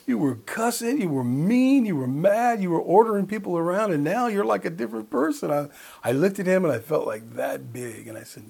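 A man's voice: sits high, animated, a little fast, creaky, darkish tone, slightly rough. A middle-aged man preaching a sermon, explaining scripture and telling personal stories with quoted dialogue in a casual, conversational way. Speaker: pastor.

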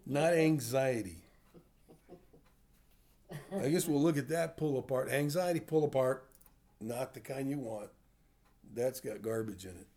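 An older pastor preaches to a small group in a plain, middle-pitched voice with a dark tone, a little slow and pausing often. He teaches conversationally, continually checking in with his listeners through questions.

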